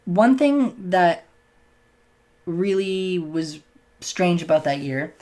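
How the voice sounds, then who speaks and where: A man's voice: sits high, expressive, slow pace, darkish tone. A young man talks straight to the camera in a casual vlog. He is open but a little self-conscious. He often stumbles and restarts his words. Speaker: vlogger. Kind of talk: casual personal storytelling to camera.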